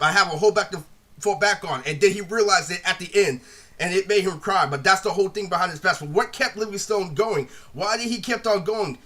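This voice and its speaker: A man's voice: high-pitched, bright, forceful tone. A man in a blunt, profane, rambling monologue, retelling a feud and leaning on filler words. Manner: rambling, repeats "literally" constantly, blunt and profane. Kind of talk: ranting monologue.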